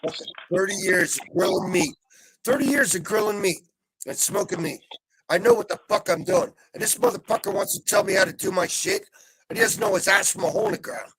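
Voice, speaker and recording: A middle-aged man on a live video call, venting in a heavily profane rant that swings between calm and yelling. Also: high voice, a little fast, creaky, a crowd in the background. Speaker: panel guest. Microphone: video call mic.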